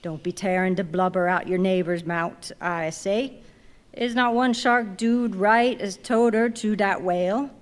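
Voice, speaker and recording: A woman voicing a grumbling ninety-year-old male ship's cook who preaches in a slow, drawling dialect. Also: mid-range voice, close to an everyday voice. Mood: preaching. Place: large museum reading hall. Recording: long reverb in a big hall.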